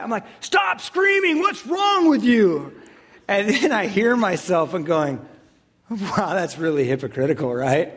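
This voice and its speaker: A man in his thirties, a pastor giving a conversational sermon, self-deprecating and often checking in with "right?". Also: a little high.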